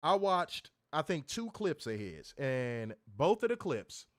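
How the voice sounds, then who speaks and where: A man's voice: on the high side, big pitch swings, slow, no room sound, studio quality. A man co-hosting a wrestling review show, ranting in casual, profane talk and repeating words as he gets heated. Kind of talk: casual podcast rant.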